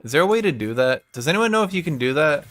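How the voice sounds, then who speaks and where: A man's voice: a little high, sing-song, fast talker, fairly bright tone. A young man streaming a video game, chatting casually and thinking aloud while he asks his chat questions.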